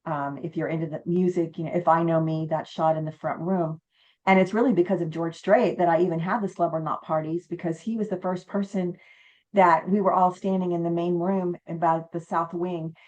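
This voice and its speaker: The audio sounds dull as a haunted inn owner, interviewed casually as a guest, tells lively stories and acts out the quotes. She talks fairly quickly in a fairly low voice.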